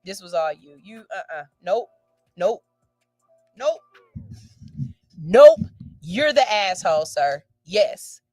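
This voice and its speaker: A woman's voice: fairly low pitch, animated, takes it slowly, no echo, soft background music. A woman radio host reads out a listener's letter and gives a blunt, sassy, profane verdict with theatrical outbursts.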